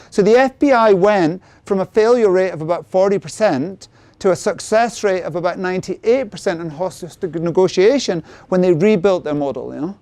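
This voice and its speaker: A middle-aged man presenting a sales workshop who keeps checking in with the audience through quick tag questions. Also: high-pitched, a little mellow, no room sound. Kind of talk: interactive seminar talk.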